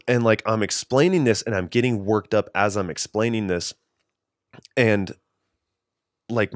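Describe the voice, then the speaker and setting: Low-voiced young man telling candid stories. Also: no room sound, studio quality. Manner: candid storytelling, swears freely. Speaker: podcast co-host. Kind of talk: casual chat.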